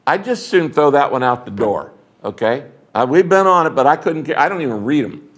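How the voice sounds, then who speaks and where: A retiring pastor, an older man with a voice on the high side, speaks a little fast as the guest of an interview. His style is lively, emphatic and preacherly, and he performs short dialogues as part of his telling.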